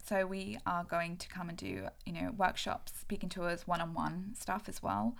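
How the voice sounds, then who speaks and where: A young woman chats on her podcast in a gushing, effusive way. Her voice sits on the low side and carries a gravelly fry. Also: fairly even intonation, moderate pace. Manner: bubbly, effusive, laughs easily. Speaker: podcast co-host. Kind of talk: casual chat.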